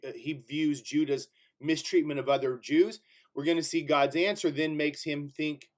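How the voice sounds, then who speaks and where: A man preaching, teaching a Bible class in a conversational way with fillers like "if you will", and pushing his voice up to stress key points. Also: on the high side.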